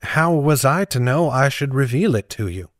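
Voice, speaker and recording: A man's voice: mid-range voice, lively intonation, moderate pace, no room sound, studio quality, natural voice. A man reading the part of a guarded young woman in a cloak in an audiobook, with careful, formal speech.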